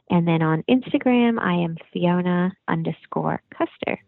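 A woman's voice: on the low side, a little slow, vocal fry, hardly any pauses, no echo, phone-quality sound. A woman in her thirties, a podcast guest, telling stories expressively and acting out what people said. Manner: expressive storyteller, acts out quotes. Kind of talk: casual chat.

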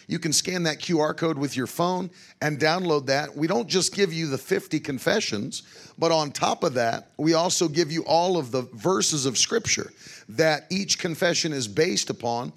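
A man's voice: a little high, gravelly, a bit bright. A man preaching and teaching emphatically, punctuating his talk with amens and hallelujahs. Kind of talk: sermon-style teaching to a broadcast audience.

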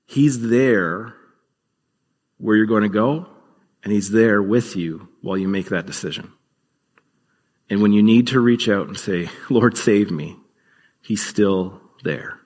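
A man's voice: fairly low pitch, unhurried, pauses often, darkish tone, in a large hall. A man preaching a sermon as pastor, earnest and conversational, with occasional fillers.

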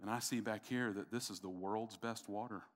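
A man's voice: lowish voice, fairly even intonation, moderate pace. A middle-aged man preaching a sermon, emphatic and repetitive, calling out to the congregation. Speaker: pastor.

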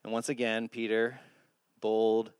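A man preaching a sermon, animated and acting out the lines he quotes. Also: lowish voice, a little slow, clean tone, dry recording, clean studio sound. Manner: animated, acts out quotes in voices. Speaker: pastor.

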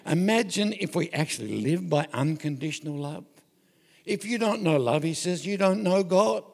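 An older Australian preacher tells homespun stories with jokes and frequent self-interruptions. His somewhat high voice is gravelly and husky and swoops up and down with energy. The sound rings with a long echo, as in a large hall. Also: lively intonation, moderate pace. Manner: folksy and joking, with self-interruptions. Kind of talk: anecdotal sermon.

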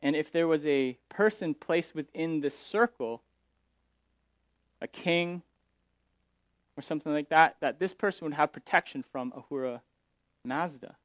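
A man's voice: fairly high pitch, unhurried, long pauses, no room sound. A male pastor explaining scripture in a sermon, paraphrasing verses and often restarting his sentences.

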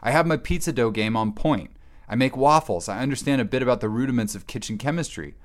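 A man giving a rambling comic monologue, wry and self-mocking, alone in an empty cabin and sometimes breaking into excited yelling. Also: mid-range voice, quick pace.

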